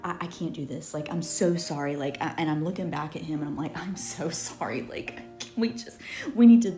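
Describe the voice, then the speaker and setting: A woman's voice: deep voice, fairly even intonation, brisk. A young woman telling a story dramatically, swearing freely and often dropping into a whisper. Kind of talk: animated storytelling on a podcast clip.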